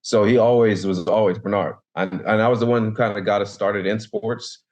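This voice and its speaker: Deep-voiced man in casual chat. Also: a little fast. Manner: loose, repeats words, animated when recalling. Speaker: guest, former pro football player. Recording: dull lo-fi sound.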